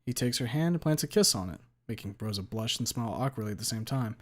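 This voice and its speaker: A man reads a visual novel aloud as its first-person narrator. His voice sits at a middle pitch, and his delivery is even and steady. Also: fast.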